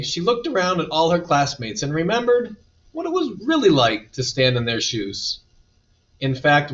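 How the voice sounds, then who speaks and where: Read-aloud narrator: man, animated storytelling, mid-pitched voice, mic set a bit away, muffled sound. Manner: lively, expressive storytelling. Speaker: storybook reader. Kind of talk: reading a children's picture book aloud. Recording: dull distant recording.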